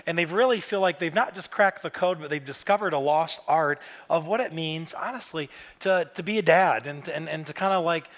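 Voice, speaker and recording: A man in his thirties preaching a Father's Day sermon, casual and animated, telling stories with bursts of shouting. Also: a little high, fairly quick, few pauses. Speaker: pastor. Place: large church auditorium. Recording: church hall reverb.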